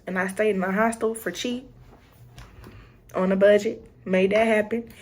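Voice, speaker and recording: A young woman with a Southern American accent talks casually to her viewers. She tells stories in an animated way and acts out the greetings she traded with people. Her voice sits at a middle pitch. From Southern United States. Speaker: vlogger. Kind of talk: casual chat.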